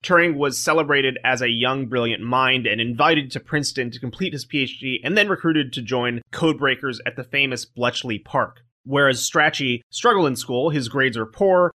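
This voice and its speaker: A man's voice: mid-range voice, pushed and bright. A man hosting a podcast, reading a prepared script and breaking off for dry jokes with his co-hosts. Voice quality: programmer speaking. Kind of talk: scripted narration with asides in a podcast chat.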